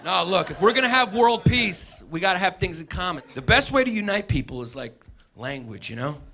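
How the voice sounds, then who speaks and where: A middle-aged man from the United States doing a live stand-up set, ranting brashly and profanely with loud mocking impressions, on a comedy stage with a handheld mic. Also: high voice, very animated, brisk. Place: comedy stage before a laughing audience. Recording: noisy live club recording.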